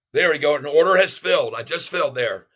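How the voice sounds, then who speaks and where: A man runs a live stock-trading show, narrating his trades as they fill. His voice is bright and punchy. He cheers each move and keeps chatting warmly with his audience. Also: a little high. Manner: excited, calls out prices, chats with viewers as "folks". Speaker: stock trading livestream host. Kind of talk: live day-trading commentary.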